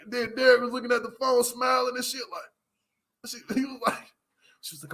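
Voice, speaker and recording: A man's voice: very high voice, flat delivery, moderate pace, pushed and bright. A man hosting a casual livestream, reviewing a reality show, laughing often as he retells scenes with lots of slang.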